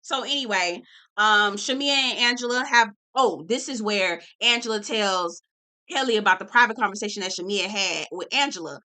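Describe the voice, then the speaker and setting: Sassy, bright-voiced woman recapping reality TV. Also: medium pitch, normal speed. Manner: sassy, animated, lots of profanity and "girl". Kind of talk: casual profane recap commentary.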